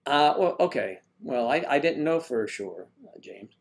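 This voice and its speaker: Older man, host, casual chat, jokey, teasing, mid-pitched voice. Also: animated, a little slow, gravelly. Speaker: livestream host. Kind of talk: casual chat reading viewer comments.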